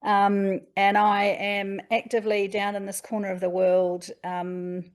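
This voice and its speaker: A woman's voice: mid-range voice, monotone, measured pace, clear, resonant tone. A woman with a New Zealand accent introducing herself on a video call, chatty and enthusiastic. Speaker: graduate, panelist. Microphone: computer mic on a video call.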